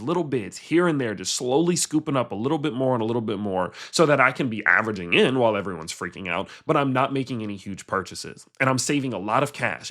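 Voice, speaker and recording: A man's voice: on the low side, a bit bright. A man guest-hosting an investing channel, delivering crypto market commentary in emphatic, repetitive runs of phrases.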